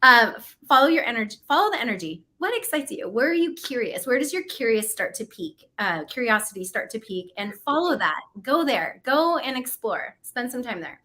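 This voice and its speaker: Bright, upbeat woman coaching on goals. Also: on the high side, big pitch swings, a little fast, few pauses. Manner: chatty and encouraging, laughs often. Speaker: co-host of a goal-setting livestream. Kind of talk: casual motivational talk.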